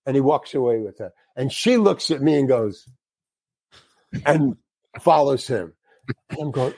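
An older man, a guest actor, telling an animated story and swearing freely as he acts out the other people in it. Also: medium pitch, measured pace, creaky, long pauses, slightly rough, no echo. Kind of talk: anecdotal storytelling.

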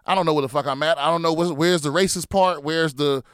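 A man's voice: a little high, fairly even intonation, quick pace, a bit bright, clean tone, no room sound, clean studio sound. A man hosting a comedy podcast, chatting casually and answering listener questions in a blunt, profane way, stumbling over his words and restarting often.

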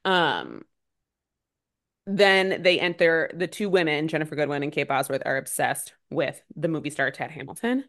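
A woman podcast co-host with a slightly low voice recaps movies quickly and sarcastically in casual chat. She's animated and says "like" a lot.

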